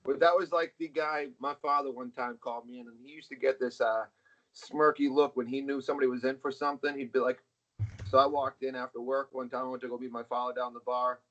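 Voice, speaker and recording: A man's voice: mid-range voice, flat delivery, fast talker, fairly bright tone. A middle-aged man, a guest on an interview, telling stories casually and bluntly, swearing freely. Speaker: interview guest, arm wrestler. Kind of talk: casual storytelling. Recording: dull lo-fi sound.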